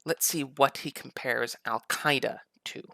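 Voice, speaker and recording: A man's voice: mid-range voice, measured pace, creaky, sharp tone, dry recording, studio quality. A man giving sarcastic, mocking political commentary over video clips. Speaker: commentary YouTuber.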